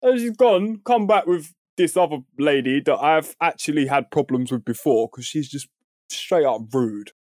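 Brief: man, 30s, podcast co-host, lively swearing storyteller, slightly high voice, dry close mic. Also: moderate pace, dry recording. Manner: animated, swears freely, acts out quoted voices. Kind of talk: casual storytelling chat.

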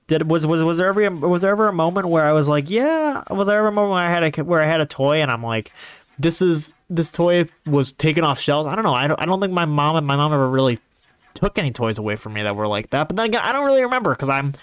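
A young man in his twenties, from Northeast Ohio, talks on his own podcast in a fairly high voice that swings up and down a lot. His telling rambles along in an animated, chatty way. The sound is dry and close, with no room echo. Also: quick pace, smooth. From Northeast Ohio, USA. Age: 20s. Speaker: podcast host. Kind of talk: casual solo podcast monologue.

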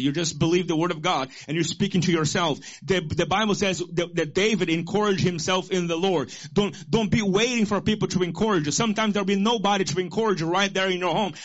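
A man's voice: high voice, dull audio. A man preaching a sermon as pastor, exhorting his listeners and repeating key lines for them to say back.

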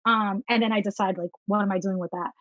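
A woman in her thirties telling her story as a guest in an interview, earnest and lively when she quotes herself. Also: mid-range voice, fast, no echo, highs cut off. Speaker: guest, tapping practitioner.

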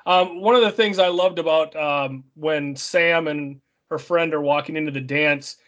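A man's voice: fairly high pitch, moderate pace, a bit bright, muffled recording. A man co-hosting a casual movie discussion, explaining background with hesitant ums and restarts. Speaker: podcast co-host.

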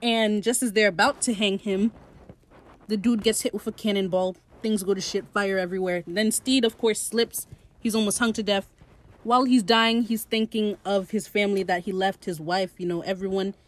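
A TV show recap host, a woman in her late teens, talks at normal speed in a mid-range voice. She gushes casually about the episode, excitable, swearing freely and laughing often.

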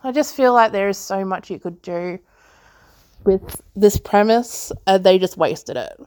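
A woman hosting a podcast, casually reviewing films in a chatty way, full of "like" fillers and quick laughs. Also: medium pitch, a little mellow, smooth, dry recording, studio quality. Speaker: podcast host, film reviewer. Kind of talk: casual movie review chat.

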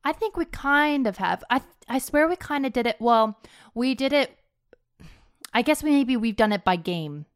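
A woman's voice: a little high, lively intonation, normal speed, smooth, no echo, clean studio sound. A woman co-hosting a gaming podcast in casual chat, playful and giggly, laughing often. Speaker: podcast co-host.

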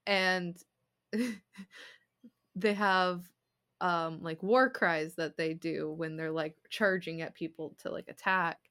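Bright-voiced, chatty young woman. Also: lowish voice, fairly even intonation, slow pace, clear, resonant tone. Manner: chatty, giggly, lots of fillers. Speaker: podcast co-host. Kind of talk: casual chat.

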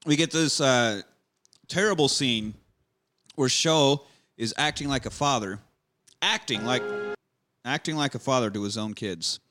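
A man's voice: medium pitch, measured pace, long pauses, pushed and bright, faint music behind. A man hosting a podcast, casually recapping a film with rambling jokes and swearing. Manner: rambling, joking, profane. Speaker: podcast host reviewing a film.

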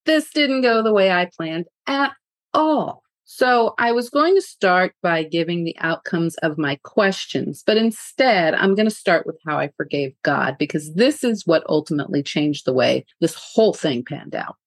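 A woman hosting her own podcast, telling a personal story in a frank, animated way and laughing often. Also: fairly low pitch, normal speed, no echo. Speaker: podcast host.

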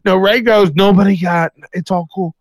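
A man with a notably high voice tells rambling gossip stories on a casual live stream. He keeps mimicking the people he talks about. The sound is close and dry, with no room around it. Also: steady tone, moderate pace, dry recording. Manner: rambling storyteller, quotes people in mock voices. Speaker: podcast co-host.

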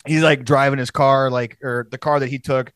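A man's voice: medium pitch, fairly even intonation, moderate pace, fairly bright tone, clean tone, no room sound. A young man in his twenties, a comedian, telling a rambling, profane story in casual chat, jumping into friends' voices as he quotes them.

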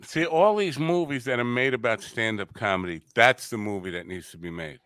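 A man with a bright voice hosts a loose conversation, reacting with laughs and asking curious questions. His voice sounds dry and close. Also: medium pitch, brisk, clean tone, no echo. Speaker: podcast host. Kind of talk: casual interview chat.

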